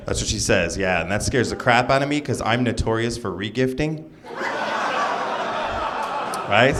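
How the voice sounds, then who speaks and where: Unhurried and pausing often, a young man does loose, joking stand-up on a club stage, chatting with the crowd between bits. His mid-range voice is animated and a bit bright, and the live recording picks up audience laughter and applause.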